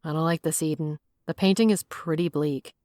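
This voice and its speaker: Audiobook role: an earnest male police chief, protective and soft-spoken, a lower register, read by a woman. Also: steady tone, brisk, dry recording, studio quality, natural voice.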